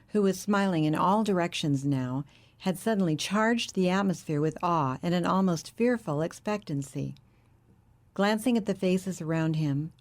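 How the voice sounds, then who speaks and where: A woman narrating a novel as an audiobook, with a steady, clear reading manner. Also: lowish voice.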